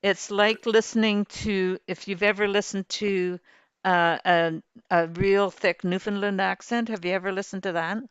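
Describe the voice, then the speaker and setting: A woman's voice: mid-range voice, fairly even intonation, normal speed, smooth, no room sound, muffled recording. A woman hosting a game livestream, chatting and rambling cheerfully while she plays. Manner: chatty, rambling, laughs easily. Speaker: livestream host. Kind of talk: casual chat while playing a farming game.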